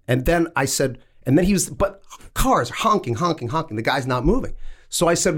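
Male co-host, mid-pitched, very expressive storyteller who acts out quotes and swears freely. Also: a little fast. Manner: animated, profane, acts out dialogue. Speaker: podcast co-host. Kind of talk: casual storytelling chat.

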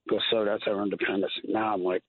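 A firefighter, calling in and telling stories earnestly, getting choked up and repeating himself. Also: male voice, on the low side, little pitch movement, fast talker, no echo. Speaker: firefighter guest. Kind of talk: emotional call-in storytelling. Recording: tinny phone line.

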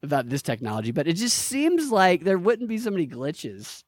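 A man hosting a podcast in casual chat, rambling and swearing, with many halting restarts. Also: a little high, wildly swooping pitch, dry recording. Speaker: podcast host.

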